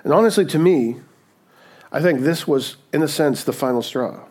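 A man preaching a sermon, dynamic and conversational, rising to emphatic peaks and dropping to hushed moments, often checking in with his listeners. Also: a little high, moderate pace. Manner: conversational, checks in with "okay?" and "right?". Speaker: pastor.

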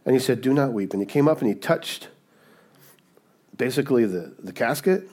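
A man's voice: medium pitch, expressive, moderate pace, a little mellow. A male pastor preaching a sermon in a conversational way, often checking in with "right?" as he retells Bible stories.

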